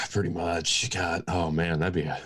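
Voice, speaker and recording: A man's voice: low voice, level tone, measured pace, bright, forceful tone. A man co-hosting a casual podcast, trading wry, profane banter and sighing as he talks. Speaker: podcast co-host. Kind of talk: casual chat.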